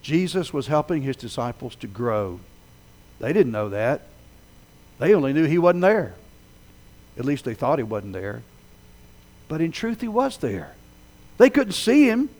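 Animated, dramatic male preacher. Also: a little slow, pauses often. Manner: dramatic storytelling delivery, swelling loud then dropping low. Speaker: pastor. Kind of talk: sermon.

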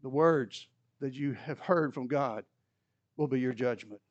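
A man preaching a sermon, animated, rising loud for emphasis and dropping low and quiet. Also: measured pace, no echo, dull audio.

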